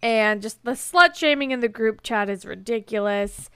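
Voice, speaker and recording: Young female co-host, casual recap chat, gravelly voice pitched a little high, peppered with "like" and laughs. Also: moderate pace, bright, forceful tone, dry recording, clean studio sound. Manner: chatty, lots of "like", acts out quotes with laughs. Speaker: podcast co-host.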